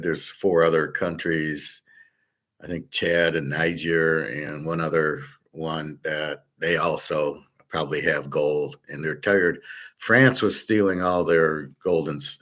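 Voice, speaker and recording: Man, low voice, indignant, ranting monologue, swears freely. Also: a bit bright. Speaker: host of a betting and gold commentary show. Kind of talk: opinion monologue.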